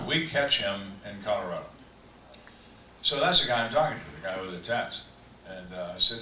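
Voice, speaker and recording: An older man tells crime stories in a dry, deadpan way, pausing slowly on his punchlines. His low voice has a crisp, bright edge. The recording picks him up from across an echoey room with faint ambience. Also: recorded from a distance, slight background noise. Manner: dry deadpan storyteller with slow emphatic pauses. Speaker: retired homicide detective telling stories at a fan Q&A. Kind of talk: live storytelling Q&A. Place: event room on a cruise ship, live audience.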